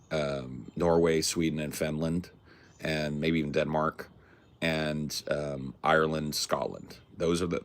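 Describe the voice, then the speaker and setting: A man with a very low voice full of heavy vocal fry, hosting a livestream. He chats casually and rambles in slangy, profane asides to his viewers. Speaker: livestream host. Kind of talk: casual chat with a live chat.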